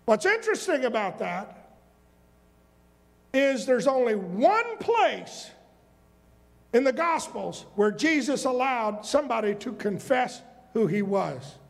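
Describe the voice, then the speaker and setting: Here a pastor's very high, creaky voice moves slowly but with great animation as he preaches, reading scripture and tossing questions and asides to the congregation. The church sanctuary leaves long hall reverb on everything.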